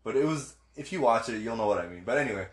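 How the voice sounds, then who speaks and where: Man, relaxed co-host on a movie talk, echoey room. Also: mid-range voice, very fast. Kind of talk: casual movie discussion. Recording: roomy echo.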